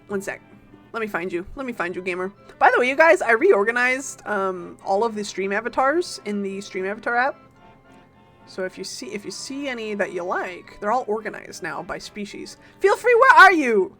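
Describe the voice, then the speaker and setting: A woman streaming a game, chatting casually and playfully with her viewers, greeting them and teasing them in quick bursts. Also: medium pitch, expressive, fairly bright tone, soft background music.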